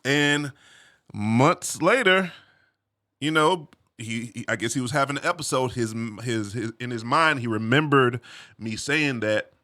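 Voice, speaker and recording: A man casually telling a personal story, animated, full of slang and "you feel me" asides. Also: mid-range voice, unhurried.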